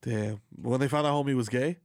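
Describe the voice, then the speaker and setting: A man co-hosting a casual chat show, riffing with animated, profane banter. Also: medium pitch, dry recording, studio quality. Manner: animated, profane banter, quick to agree and riff.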